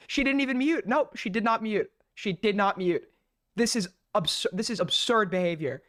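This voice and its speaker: A man's voice: high voice, normal speed, fairly bright tone, no room sound, studio quality. A man hosting a live stream, mocking what he watches in profane, ranting commentary. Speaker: streamer host.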